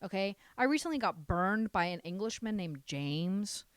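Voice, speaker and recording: Animated, frank woman podcast host. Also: mid-range voice, normal speed, clear, resonant tone, no room sound. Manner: frank, animated and sassy, with casual swearing. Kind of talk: casual advice chat.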